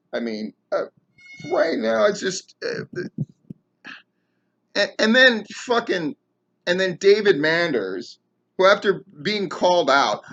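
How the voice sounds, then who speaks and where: A man's voice: fairly high pitch, vocal fry, a bit bright, dull audio. A man hosting his own commentary show, ranting heatedly and sarcastically with lots of swearing. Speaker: podcast host and wrestling commentator. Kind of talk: profane rant commentary.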